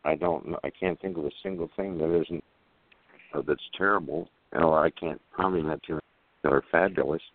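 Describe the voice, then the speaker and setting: A man calling in to read his poem on the radio, halting and hesitant in speech, over a tinny phone line. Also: a bass voice, expressive, vocal fry, no echo. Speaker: caller reading a poem. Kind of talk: casual chat then poetry reading.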